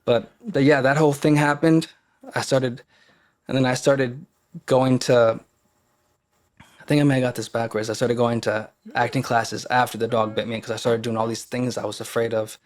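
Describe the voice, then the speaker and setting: A man's voice: medium pitch, steady tone, normal speed. A man, a podcast guest, telling a personal story in a casual, earnest and openly emotional way.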